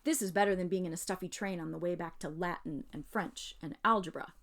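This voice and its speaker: A woman's voice: lowish voice, fairly quick, fairly bright tone. A woman voicing a plucky schoolboy who gives breathless, urgent commands in a storybook reading. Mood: cheerful. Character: schoolboy Edmund, plucky and quick to take charge.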